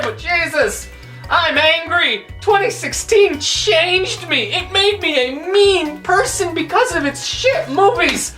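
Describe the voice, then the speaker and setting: Woman, movie reviewer, exasperated profane rant, bright tense voice, faint background music. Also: very high voice, animated, unhurried. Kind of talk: ranting movie review countdown.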